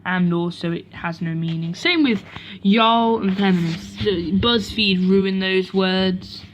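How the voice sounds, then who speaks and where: A woman's voice: mid-range voice, fairly even intonation, slow pace, a little hiss or hum. A woman vlogging casually at home beside a washing machine, rambling and correcting herself as she goes. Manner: rambling, self-correcting, chatty asides. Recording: dull lo-fi home recording.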